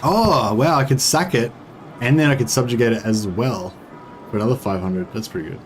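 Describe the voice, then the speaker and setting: A man hosting a let's play, commenting casually and thinking out loud as he goes. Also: mid-range voice, brisk, slight background noise. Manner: casual, rambling, thinking aloud. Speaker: gaming channel host.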